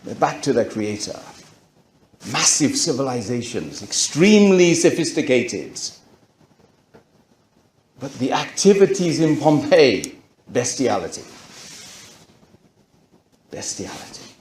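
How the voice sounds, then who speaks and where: A man telling the audience his own story in a lively storytelling talk, full of rhetorical questions. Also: medium pitch, unhurried, long pauses, reverberant, slight background noise. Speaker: speaker giving a conversion testimony.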